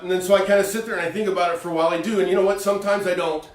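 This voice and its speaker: A man co-hosting a faith talk show, talking in an animated, folksy way and acting out little voices as he preaches. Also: high-pitched, racing, echoey room, distant mic.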